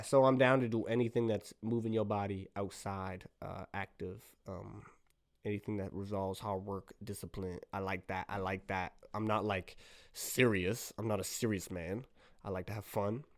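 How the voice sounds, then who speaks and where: A young man hosting a casual solo podcast, rambling playfully in slangy talk that jumps now and then into loud bursts. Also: on the low side, dry recording, studio quality. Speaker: podcast host.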